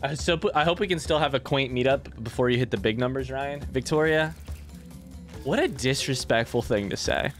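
A young man casually commenting while he plays a game and chats with viewers, breaking into yelps and shouts when things go wrong. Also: mid-range voice, moderate pace, faint music behind. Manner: excitable, swings into yelps and shouts at failures; chatty with chat, reads messages aloud. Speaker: streamer playing a game. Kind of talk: casual let's play commentary.

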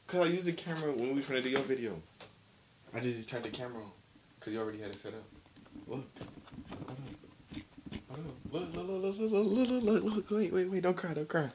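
A man's voice: a little high, a little mellow, a little hiss or hum. A young adult man, a vlogger, teasing his girlfriend in a casual prank video. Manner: teasing, playful.

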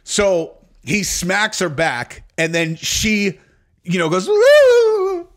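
A man's voice: high voice, takes it slowly, pushed and bright. A man in his forties, a podcast host, telling a rambling, profane story in casual talk and laughing at it.

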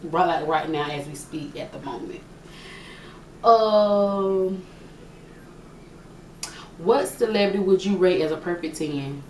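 A woman's voice: fairly low pitch, slow, long pauses, a little mellow. A young woman casually answering questions for her vlog, chatty and joking, often thinking aloud. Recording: echoey room, mic at a distance, faint hiss.

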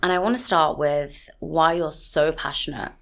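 A woman's voice: sits low, normal speed, a bit bright, faint music behind. A young woman hosting a podcast interview, asking direct, probing questions. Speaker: podcast host.

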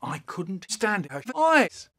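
A man's voice: sing-song, takes it slowly. Man telling a manic nonsense story. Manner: wildly swinging pitch and loudness, sudden shouts. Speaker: comic storyteller. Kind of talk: comic monologue, remixed.

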